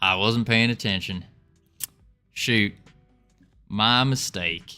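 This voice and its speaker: A man's voice: on the low side, takes it slowly, sharp tone, smooth, faint music behind. A man streaming his game development, chatting casually with a playful, rambling manner and often repeating his own phrases. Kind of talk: casual livestream chat.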